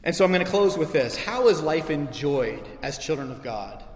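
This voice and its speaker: A middle-aged male pastor delivers a sermon in a slightly high voice, moving between easy conversational asides and impassioned, repeated emphasis. His voice rings through a large, echoey church hall with a long reverb tail. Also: animated, normal speed. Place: church sanctuary.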